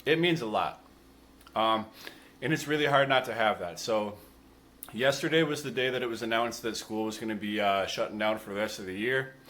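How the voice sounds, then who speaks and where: A man, a school gym coach, talking casually to his students in a home cooking vlog, relaxed and chatty, sometimes with his mouth full. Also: lowish voice, moderate pace, slight background noise.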